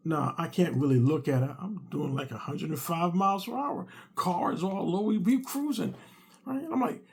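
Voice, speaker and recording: A man telling a comic story casually, animated and repetitive with punchy asides. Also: fairly high pitch, moderate pace, creaky, slightly rough.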